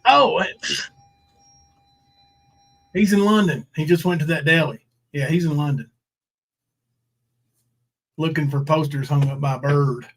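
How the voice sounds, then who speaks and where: Man, high voice, sarcastic, rambling, crude livestream host. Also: unhurried, long pauses. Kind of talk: casual livestream commentary.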